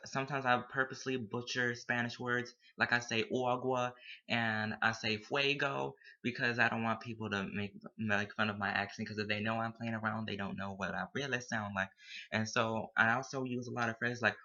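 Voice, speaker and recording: A young man with a very bright, sharp-edged voice talks casually to camera, slipping Spanish words into his English with a playful touch. The recording sounds dull and lo-fi. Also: fairly low pitch. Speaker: student.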